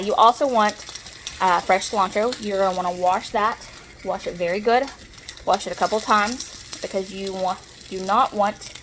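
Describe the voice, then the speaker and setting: In her home kitchen, a home cook with a Southern US accent rambles cheerfully through a cozy cooking demo recorded on a phone propped up nearby. Her mid-range voice has a fairly bright tone, and the low-quality recording carries slight background noise.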